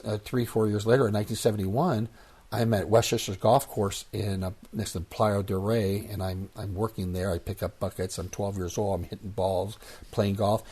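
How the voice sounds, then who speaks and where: Older man in his sixties, low husky voice, lively interview guest who acts out quotes. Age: 60s. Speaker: guest, former baseball player. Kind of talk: casual storytelling interview.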